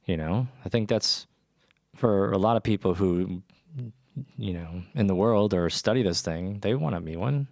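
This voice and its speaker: A man's voice: sits low, moderate pace, vocal fry, a little mellow, no room sound, clean studio sound. A young man telling a personal story in a rambling, casual way with lots of restarts. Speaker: podcast host.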